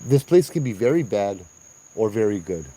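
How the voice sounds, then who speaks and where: A man with a low, mellow voice leads a ghost tour along a trail at night. He tells the stories animatedly, acting out what people said and often restarting his sentences. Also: sing-song, normal speed, low-quality recording. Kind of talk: storytelling on a walking ghost tour.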